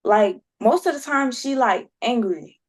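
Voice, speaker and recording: A woman guest in a casual podcast chat, answering hesitantly with many pauses and restarts. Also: on the high side, expressive. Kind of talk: casual conversation.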